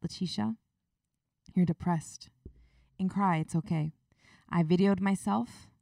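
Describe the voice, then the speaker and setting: A young woman hosts her own podcast and speaks straight to her listeners in an earnest, confiding way. Her voice sits fairly low for a woman and has a gravelly edge. The sound is dry, with no room echo, and she is a little away from the mic. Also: darkish tone, recorded from a distance. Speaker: podcast host. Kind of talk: personal podcast monologue.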